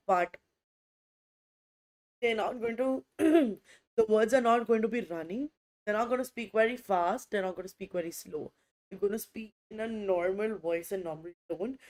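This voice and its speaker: A woman running an online exam-prep lesson. She speaks at a middle pitch and keeps a chatty, repetitive flow as she addresses her students directly. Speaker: IELTS teacher.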